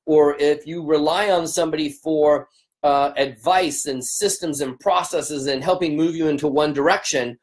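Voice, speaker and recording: Greeting viewers by name, a male business coach rambles cheerfully on a livestream in a fairly high, steady voice at a moderate pace. A long day of talking has left his voice strained and cracking.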